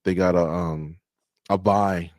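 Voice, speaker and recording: A man's voice: deep voice, steady tone, slow pace, darkish tone, no room sound. A man co-hosting a sports radio show, chatting casually and telling stories, acting out quotes and laughing at his own jokes. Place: studio.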